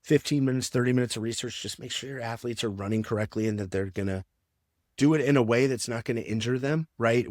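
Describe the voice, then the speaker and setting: A man's voice: on the low side, no room sound, clean studio sound. A man who works as a strength and conditioning coach, explaining training in a casual podcast interview with lots of fillers.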